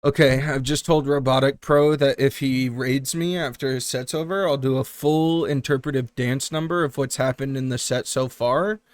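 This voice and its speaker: A man casting a strategy game tournament live on stream, chatty and joking with quick asides. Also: mid-range voice, fairly even intonation, no echo.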